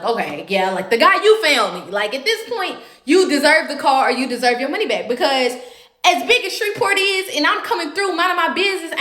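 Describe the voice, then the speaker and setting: Animated, fast-talking woman telling a story. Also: high-pitched. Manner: animated, profane, acts out every voice. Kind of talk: casual storytime. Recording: roomy echo.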